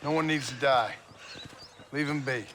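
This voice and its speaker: An actor playing a steady former outlaw with a dry, sardonic way of talking. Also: male voice, medium pitch, normal speed, noisy background, close to an everyday voice. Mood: wry.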